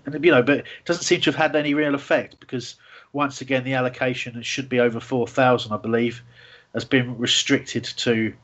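A man hosting a casual football fan radio show, rambling with lots of fillers and restarts. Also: medium pitch. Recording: dull lo-fi sound.

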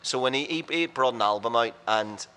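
Fast-talking bright-voiced man telling stories. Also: mid-range voice, clean tone. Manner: rapid, anecdotal, blunt and self-mocking. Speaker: radio presenter and podcast guest. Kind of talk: casual storytelling chat.

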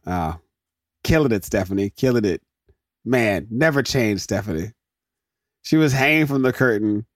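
A man hosting a podcast, recapping a sitcom episode in an animated, jokey way and slipping into quick mock voices for the characters. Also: on the low side, dry recording, studio quality. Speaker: podcast host.

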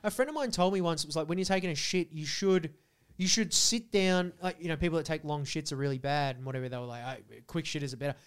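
A man, a podcast co-host telling crude stories in animated, swearing casual chat. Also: a little high, fast talker, clean tone.

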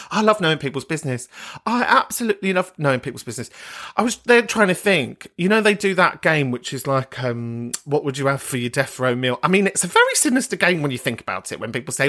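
A man hosting a podcast, chatting casually and swearing freely as he reacts to listener voice notes, gossipy and quick to laugh. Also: fairly high pitch, sing-song, fairly bright tone. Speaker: podcast host.

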